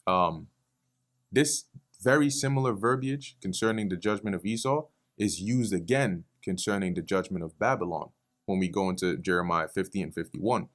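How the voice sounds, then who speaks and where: A man's voice: deep voice, fairly bright tone. A man teaching the Bible verse by verse, reading passages aloud and explaining them in a casual, conversational way with frequent fillers. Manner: reads scripture then explains in casual asides, with fillers.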